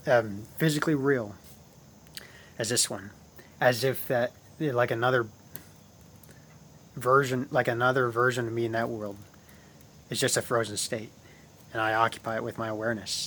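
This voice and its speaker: A man's voice: mid-range voice, a bit bright, slight background noise. A man hosting his own channel, talking casually and at length about spiritual ideas, often repeating himself and calling his viewers guys. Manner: rambling, repeats phrases, addresses viewers as guys.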